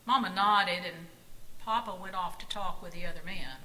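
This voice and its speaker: A woman reading a children's Bible story aloud, slow and expressive. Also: fairly low pitch, low-quality recording.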